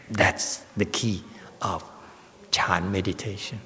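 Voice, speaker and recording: A man, a Buddhist monk giving a slow, joking dharma lecture with many fillers and teasing asides. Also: on the low side, animated, fairly bright tone. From United States. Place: temple lecture hall. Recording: long hall reverb.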